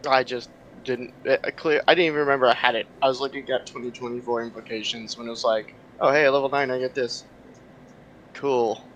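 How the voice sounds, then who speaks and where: A male player at a game table who explains things in an eager, rambling flow at a middling pitch. Clear background noise sits under his voice. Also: steady tone, a little fast, fairly bright tone, lo-fi sound. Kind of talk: casual game-table chat.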